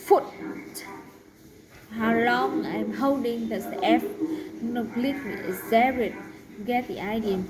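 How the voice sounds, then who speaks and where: A woman teaching a pronunciation lesson, saying each example word slowly and carefully. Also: fairly high pitch, fairly even intonation, a crowd in the background, poor audio. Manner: slow, deliberate, drawn-out example words.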